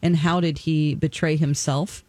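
A radio co-host who mostly reacts with short exclamations and calmly explains what dreams mean. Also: female voice, deep voice, measured pace, dry recording. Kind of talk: casual chat.

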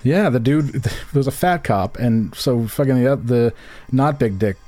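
Young ny guy rambling and joking on a podcast, mid pitch, faint music behind. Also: unhurried, warm tone. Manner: rambling, jokey, slips into put-on regional voices. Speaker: podcast co-host. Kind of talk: casual chat.

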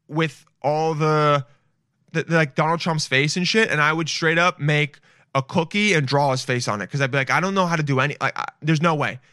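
A man's voice: on the high side, bright, forceful tone, no echo, clean studio sound. A young man streaming and reacting to videos in loose, swearing, self-mocking casual talk.

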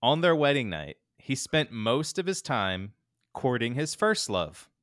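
A man co-hosting a podcast, telling a true-crime story in a laid-back, animated way with lots of fillers. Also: mid-range voice, a little slow, no echo, studio quality. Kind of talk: casual storytelling chat.

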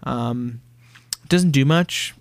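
Gravelly man chatting on a podcast. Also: medium pitch, drawn-out words, no echo. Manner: chatty storyteller who acts out bits of scenes. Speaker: podcast co-host. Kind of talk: casual chat.

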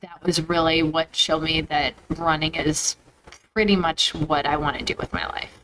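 Woman podcast guest, lowish voice, earnest rambling talk, audible background noise. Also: level tone, normal speed, a bit bright, poor audio. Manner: earnest, rambling, many "like" fillers. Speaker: guest, running instructor. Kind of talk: casual interview chat.

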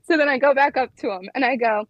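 A woman's voice: high voice, fast, dry recording, muffled recording. A young woman in her twenties, a flight attendant, chatting casually and telling stories full of "like". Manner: chatty storytelling, lots of "like". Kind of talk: casual podcast chat.

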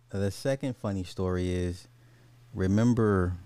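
A man in his forties hosts a podcast over a live game, telling stories casually and with animation while swearing and laughing. His voice sits low, dark and smooth, at a slow pace.

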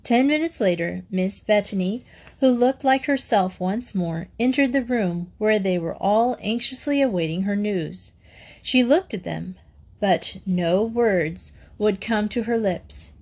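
A woman reading a classic children's novel aloud in measured, steady narration. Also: mid-range voice. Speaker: audiobook reader. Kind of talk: scripted narration.

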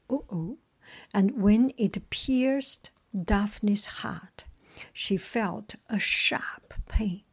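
A woman tells an old myth in a soft whisper, with a mellow, muted tone. She moves very slowly through the text and stops for stumbling, chatty asides. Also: mid-range voice, slightly rough. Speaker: storyteller. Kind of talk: whispered storytelling.

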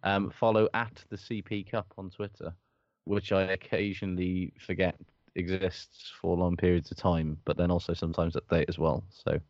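A man's voice: low-pitched, little pitch movement, normal speed, darkish tone, dry recording, dull audio. A man co-hosting a rugby podcast in casual chat, with a dry, wry, understated manner. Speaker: podcast co-host.

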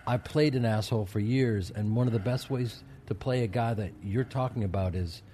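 A middle-aged actor co-hosting a podcast speaks earnestly and eagerly, his voice sitting a little low. Faint room ambience hums behind him. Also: normal speed, mellow, a little hiss or hum. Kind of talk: casual podcast chat.

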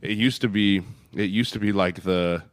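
Low-voiced blunt man talking football. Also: moderate pace, no room sound, studio quality. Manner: blunt, profane, animated storytelling. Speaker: podcast co-host, former NFL lineman. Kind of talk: casual sports chat. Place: podcast studio.

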